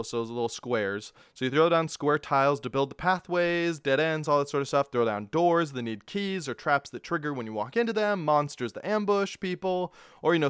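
A man's voice: a little high, fairly bright tone, clear, resonant tone, dry recording, clean studio sound. A man hosting a casual game review podcast, rambling, self-mocking and laughing often. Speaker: podcast host.

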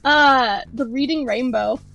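A woman in casual podcast chat, giggly with drawn-out exclamations. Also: sits high, vocal fry, a bit bright, muffled recording.

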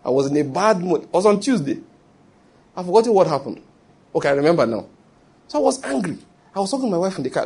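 A middle-aged man with a Nigerian accent, preaching a sermon and telling lively stories with acted quotes. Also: high-pitched, quick pace, long pauses, slightly rough. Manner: animated storytelling preaching with acted quotes and pidgin asides. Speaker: pastor.

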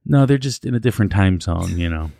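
A man co-hosting a podcast in casual chat, with a teasing, deadpan humor. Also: low voice, fast, gravelly, no echo, clean studio sound. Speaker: podcast co-host.

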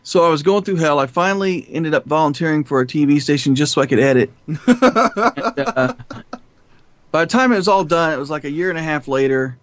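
Lebhafter Mann, erzählt mit Flüchen. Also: male voice, a little high, a little fast, no echo. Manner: animated, profane storyteller who laughs often. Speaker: filmmaker guest. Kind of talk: storytelling interview.

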